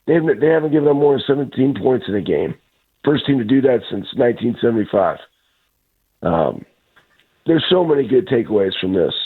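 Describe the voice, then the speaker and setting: A man's voice: medium pitch, expressive, brisk, husky. Ranting man on a tinny phone line. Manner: blunt, ranting, trash-talking. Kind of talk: fired-up sports talk.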